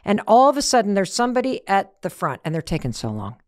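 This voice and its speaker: A woman's voice: medium pitch, quick pace, few pauses, no room sound, clean studio sound. Emphatic woman giving a motivational talk. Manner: lively, emphatic, with rhetorical questions and acted-out asides. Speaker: podcast host.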